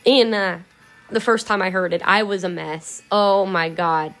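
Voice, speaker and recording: A woman's voice: mid-range voice, measured pace, a bit bright, soft background music. Candid, swearing woman vlogger. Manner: candid, swears, laughs, rambling retelling. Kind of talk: casual emotional storytelling.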